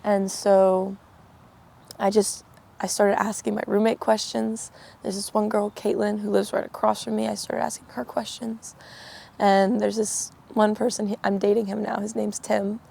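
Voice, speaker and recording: A woman's voice: mid-range voice, little pitch movement, moderate pace, gravelly, mellow, slightly rough. A young woman sharing a personal faith testimony, chatty and full of "like", acting out the conversations she recounts. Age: young adult. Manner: chatty, peppered with "like", acts out quoted exchanges. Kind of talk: personal testimony, casual storytelling.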